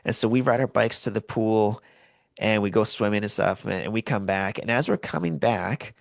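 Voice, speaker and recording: Animated middle-aged man telling stories. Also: on the low side, normal speed, creaky, no room sound. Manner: animated storyteller, acts out voices in quotes. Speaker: podcast co-host. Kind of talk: casual storytelling chat.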